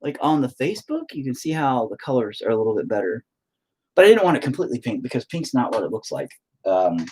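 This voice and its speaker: A man with a low, husky voice talks to himself while painting, swearing nearly every line. His pitch swings widely, dropping into whispers and mutters and then jumping up in loud, frustrated flare-ups. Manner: swears constantly, mutters to himself, self-critical. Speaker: painting streamer. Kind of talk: casual talk while painting.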